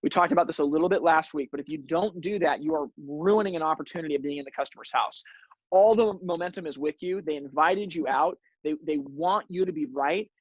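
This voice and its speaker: A man's voice: fairly high pitch, fairly quick, no room sound, low-quality recording. A man hosting a sales training webinar, coaching his audience with energy and often repeating words as he starts a sentence. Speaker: webinar host.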